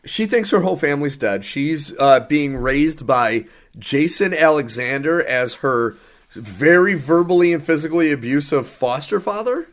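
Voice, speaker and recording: A man's voice: fairly high pitch, expressive, moderate pace. Ranting, exasperated podcast co-host, a man. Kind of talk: casual podcast movie review.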